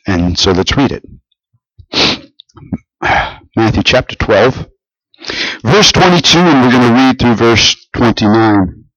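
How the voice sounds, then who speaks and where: A male pastor preaching in an earnest, explanatory way, pausing often and restarting phrases. His voice sounds a little dull and muffled, with a dry, close sound and no room echo. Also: mid-range voice, lively intonation, fairly bright tone. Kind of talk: sermon.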